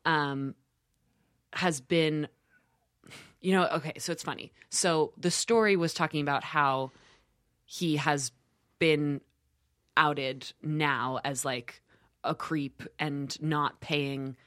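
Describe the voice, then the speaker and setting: A podcast host in casual chat, recounting a news story with many pauses and fillers. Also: mid-range voice, fairly even intonation, a bit bright, no room sound, clean studio sound.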